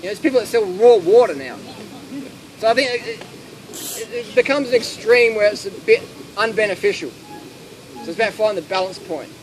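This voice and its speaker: A man giving blunt, animated answers and stories to an audience in a casual Q&A at an outdoor gathering. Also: sits high. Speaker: speaker answering audience questions. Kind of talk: casual Q&A talk with anecdotes. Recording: noisy outdoor ambience with traffic.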